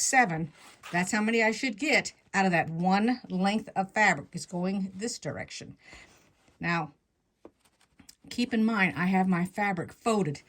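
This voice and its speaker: Sitting at her sewing table at home, the host of a quilting channel gives a chatty, folksy step-by-step lesson on cutting fabric, occasionally correcting herself. Her mid-range voice is a bit bright and slightly out of breath, with slight background noise.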